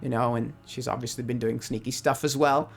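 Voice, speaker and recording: A man narrating his solo tabletop role-playing game and reading out rules, who gets excited by dice rolls. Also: mid-range voice, brisk, gravelly. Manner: excitable, laughs at dice results.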